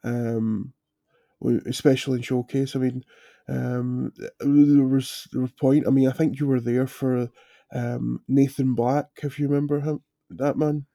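A man's voice: medium pitch, flat delivery, creaky, mellow, no room sound, clean studio sound. A man who is a podcast guest, speaking hesitantly with many fillers in a casual chat. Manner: hesitant, halting, lots of fillers.

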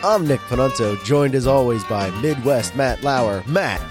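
A man hosting a casual film podcast, chatting in an upbeat, jokey way with quick asides. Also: mid-range voice, lively intonation, music in the background. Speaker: podcast host.

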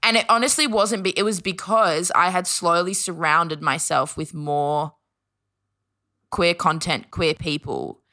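A woman's voice: on the low side, steady tone, a little slow, bright, forceful tone. A woman telling a personal story in casual chat as a podcast guest, talking in a chatty way and filling her phrases with "like". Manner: chatty, fills every phrase with "like", acts out quoted voices.

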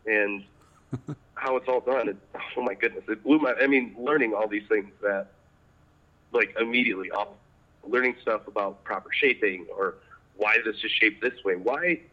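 A man chatting as a podcast guest, animated and laughing often as he tells his story. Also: medium pitch, moderate pace, highs cut off. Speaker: podcast guest, apprentice pipe maker. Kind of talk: casual interview chat.

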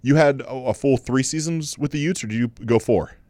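A man's voice: mid-range voice, fairly quick, darkish tone, no echo. Man asking an easygoing question. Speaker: interviewer. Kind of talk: casual interview questions.

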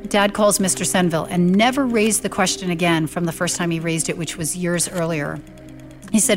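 Middle-aged woman, lower voice, lively storyteller who acts out dialogue, faint music underneath. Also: brisk. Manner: animated storyteller acting out quoted dialogue. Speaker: guest telling her late father's story. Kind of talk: storytelling interview.

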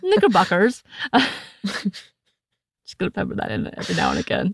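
An American woman co-hosting a podcast in a casual chat, animated and laughing often, recorded close to a studio mic. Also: medium pitch, brisk, gravelly, husky, dry recording. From United States. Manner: chatty and animated, often laughing, breaks into put-on voices. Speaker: podcast co-host.

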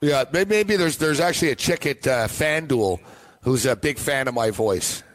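A man's voice: medium pitch, expressive, normal speed, poor audio. A young man hosting a sports betting show, chatting casually and rambling, often repeating himself.

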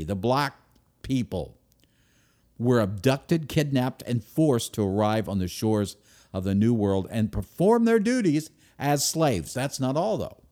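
Emphatic man with a lively, swinging voice. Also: mid-range voice. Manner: emphatic, swings from loud stresses to near-whispers. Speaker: speaker. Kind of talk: speech to an audience.

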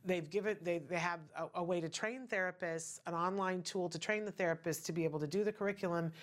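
A woman's voice: lowish voice, fast. A middle-aged woman hosting a show, talking in a chatty, earnest way with many asides. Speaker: podcast host. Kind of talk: casual personal talk show monologue.

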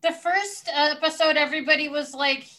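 A woman chatting casually with quick, wry asides. Her voice is high-pitched and bright, with a sharp edge. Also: fairly even intonation. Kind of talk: casual chat about reality TV.

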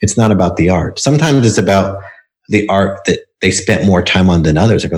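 A man with a deep, low voice speaks in a relaxed interview. He is a book coach who explains his approach patiently and fills it with stories from his clients. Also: fairly quick. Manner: explanatory storytelling with examples. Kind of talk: casual interview talk.

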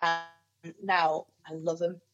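A woman from southern England with a southern accent mixed with northern English, a podcast guest and musician, chatting in a playful, giggly way with a husky voice. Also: on the low side, level tone, slow, fairly bright tone, soft background music. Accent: southern English with picked-up northern English. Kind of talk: casual chat. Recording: dull lo-fi sound.

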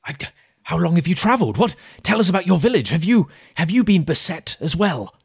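A man's voice: fairly low pitch, slightly rough, no room sound, clean studio sound. A man voicing a wary, weary villager who calls out from behind a door, stammering and repeating himself. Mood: suspicious. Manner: loud, halting, stammering.

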